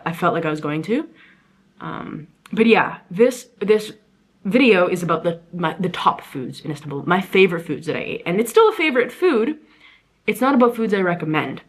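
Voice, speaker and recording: A young woman travel vlogger telling a story in a casual, animated, rambling way, often restarting her sentences. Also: lowish voice, brisk. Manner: animated, rambling, frequent self-corrections.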